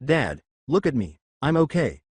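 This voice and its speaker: A man voicing a calm, caring, frog-like young girlfriend who says "ribbit" as she talks, in a lively, dry storybook fanfic reading. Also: medium pitch, measured pace, breathy edge, no echo. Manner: says "ribbit" in her speech.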